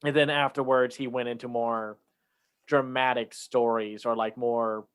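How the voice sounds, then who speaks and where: A man's voice: medium pitch, flat delivery, unhurried, a bit bright, smooth. Chatty man, full of fillers. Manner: chatty, many fillers and restarts; acts out lines from a film in raised voices. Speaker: podcast co-host. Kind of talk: casual chat.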